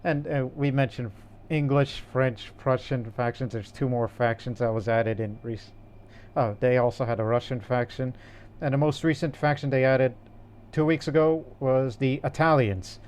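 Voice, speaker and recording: A man's voice: medium pitch, steady tone, normal speed, darkish tone, a little hiss or hum. A man co-hosting a casual gaming podcast, rambling with fillers and restarts. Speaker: podcast co-host.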